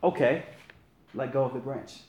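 A man voicing God as a calm, patient presence, speaking softly and low in a roomy space. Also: natural voice. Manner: slow, soft, low and gentle.

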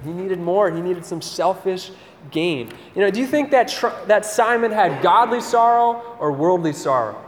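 Young man, campus sermon, casual and animated; high voice, roomy hall with faint ambience. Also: moderate pace, slight background noise. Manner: conversational, keeps asking "right?", animated storytelling. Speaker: campus ministry speaker. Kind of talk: sermon talk with personal story.

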